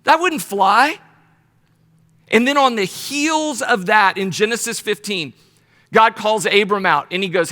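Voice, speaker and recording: A man leads a Bible study in a casual, storytelling sermon, full of lively asides and playful voices. His voice sits high and bright. Long reverb from the hall trails behind each phrase. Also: a little slow. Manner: animated storyteller, slips into playful paraphrased voices.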